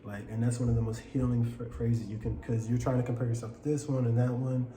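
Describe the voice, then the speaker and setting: Mid-pitched man guest, eager and rambling; roomy sound with a crowd murmuring behind. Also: level tone, fast talker. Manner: enthusiastic, rambling with restarts. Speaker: podcast guest, finance worker. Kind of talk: casual podcast chat. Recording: echoey room with crowd noise.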